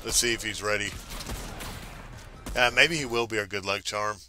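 A man hosting a casual gaming stream, joking crudely and bursting into excited shouts. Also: fairly low pitch, moderate pace. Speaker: streamer and host.

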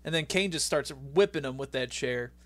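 On a dry recording, a young male podcast co-host speaks at medium pitch and normal speed with a fairly bright tone. He recaps a wrestling match in a lively, casual way, laughing as he talks.

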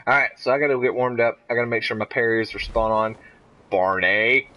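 A man streaming a fighting game who jokes around and reacts loudly to the action. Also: medium pitch, brisk. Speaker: gaming streamer. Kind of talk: casual gameplay commentary. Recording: steady background noise.

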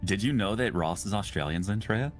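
A man's voice: fairly low pitch, animated, a little fast, soft background music. A man chatting casually on a gaming stream, laughing and teasing. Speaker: stream guest.

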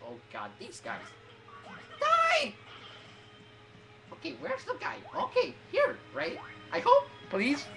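A woman's voice: sits high, huge pitch swings, normal speed, gravelly, few pauses. A woman commentating her gameplay in a hyper way, shrieking and swearing at the game. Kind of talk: let's play commentary. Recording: game music under voice. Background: game music.

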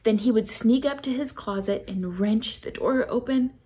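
A woman's voice: on the high side, moderate pace. Woman reading a picture book aloud. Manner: expressive, playful storytelling. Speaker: children's ministry reader. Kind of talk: storybook read-aloud.

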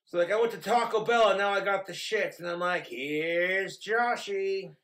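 A man's voice: sits high, steady tone, fast talker, a bit bright. A man vlogging at home, ranting bluntly and crudely in a rambling, profane monologue. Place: home in Wyoming.

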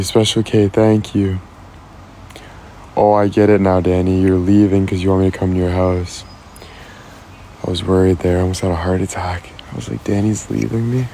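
A man's voice: sits low, dark tone, slight background noise. A man chatting live with his viewers, teasing and joking, laughing often and thanking people by name. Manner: teasing, playful, quick to laugh. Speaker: live streamer. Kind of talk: casual live-stream chat with viewers.

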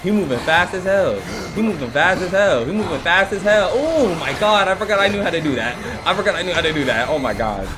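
A man commentating his own horror game playthrough, excitable, joking and yelling for help as he plays. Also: high-pitched, a little fast, hardly any pauses, noisy background. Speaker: gaming channel host. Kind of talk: let's play commentary.

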